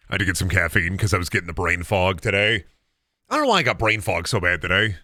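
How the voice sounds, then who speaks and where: Male streamer, lowish voice, very animated pitch; rambling, self-mocking play-by-play with goofy sing-song asides. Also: quick pace, dry recording, studio quality. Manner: rambling, jokey, mutters to himself; breaks into silly high sing-song bits. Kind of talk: casual gameplay commentary.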